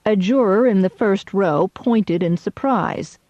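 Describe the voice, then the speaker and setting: A woman giving wry, measured first-person audiobook narration. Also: mid-range voice, dark tone, dry recording. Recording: slightly muffled dry audio.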